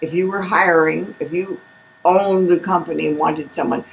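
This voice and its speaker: A woman's voice: fairly low pitch, steady tone, normal speed, gravelly, recorded from a distance, a little hiss or hum, rough recording. A woman co-hosting a chat, playfully teasing and prodding her guest with questions. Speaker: co-host, interviewer. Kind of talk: casual chat.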